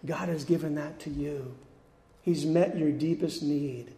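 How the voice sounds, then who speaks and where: A man preaching a sermon in an earnest, emphatic way, slowing on key phrases and dropping soft at the ends. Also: on the high side, fairly even intonation. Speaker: pastor. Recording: echoey hall with long reverb.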